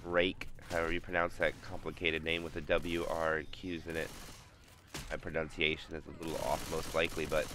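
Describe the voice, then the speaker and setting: A man's voice: rumbling low, monotone, brisk, noisy background. A man casting a competitive video game match live on stream, calling plays and chatting with viewers. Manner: hypes big plays, talks to chat between calls. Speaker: esports caster and streamer.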